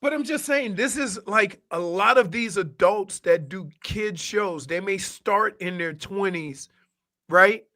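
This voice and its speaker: Male radio co-host with a high, bright, ringing voice. Animated and rambling, in casual studio banter. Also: slow pace. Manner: animated, rambling, trails off and restarts. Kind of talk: casual chat.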